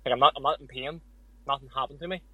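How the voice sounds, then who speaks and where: A man's voice: mid-range voice, fast talker, pushed and bright, husky, dry recording, low-quality recording. A young man with an Irish accent, a boxer as guest, candidly telling stories in a casual podcast interview. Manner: candid, storytelling with quoted asides.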